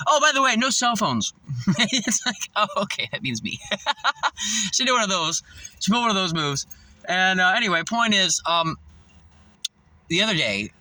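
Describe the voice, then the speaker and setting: A man's voice: high-pitched, bright, forceful tone, dry recording, rough recording. A man telling a rambling, profane story to his phone camera outdoors, laughing and restarting often. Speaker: vlogger.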